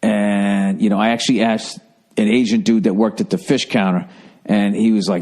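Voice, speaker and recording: Profane, animated man with a Boston accent. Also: fairly low pitch, normal speed. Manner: profane, animated storytelling with lots of swearing. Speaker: podcast host. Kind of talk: casual comedic monologue.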